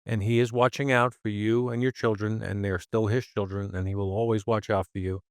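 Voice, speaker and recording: A man's voice: on the low side, level tone, brisk, dry recording, clean studio sound. A man hosting a podcast, speaking earnestly with a preacherly cadence about faith. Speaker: podcast host. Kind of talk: earnest faith-based reassurance.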